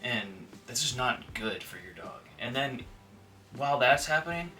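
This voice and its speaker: A man's voice: medium pitch, lively intonation, unhurried, bright, forceful tone, recorded from a distance. A man who works as a dog trainer, talking casually to the camera with lots of filler words and now and then acting out what dogs and owners might say. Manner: conversational, frequent filler words, acts out quoted dogs and owners.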